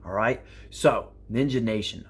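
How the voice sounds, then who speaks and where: A man in his thirties telling motivational stories to his viewers, animated and profane, acting out the people in his stories. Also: fairly low pitch, a little slow, breathy edge. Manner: animated, acts out quoted exchanges, profane, repeats phrases for emphasis. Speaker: prepper vlogger. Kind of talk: motivational storytelling to camera.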